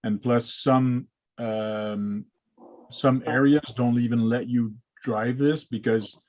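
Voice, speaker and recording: A man's voice: medium pitch, fairly even intonation, slow, darkish tone. A man hosting a casual hobby livestream, explaining things step by step with plenty of uh's over a video call. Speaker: host. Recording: lo-fi dull sound.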